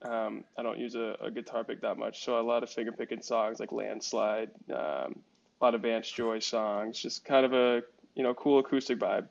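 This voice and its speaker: A man's voice: mid-range voice, level tone, moderate pace, gravelly, muffled recording. A young man from Alaska, a hockey goaltender guest, giving earnest, reflective answers with many fillers. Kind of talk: podcast interview answers.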